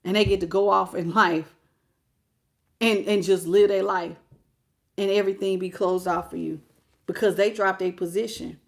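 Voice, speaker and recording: A woman giving a live tarot reading in a blunt, slangy, animated way, greeting chat viewers as she goes. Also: medium pitch, moderate pace, vocal fry, pauses often. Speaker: tarot reader.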